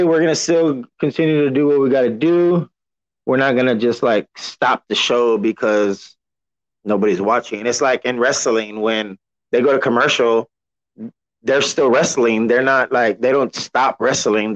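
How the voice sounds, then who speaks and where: Relaxed, cussing man hosting a podcast. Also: mid-range voice, normal speed. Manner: relaxed, rambling, cusses a lot. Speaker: podcast host. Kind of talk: casual solo podcast talk. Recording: dull lo-fi sound.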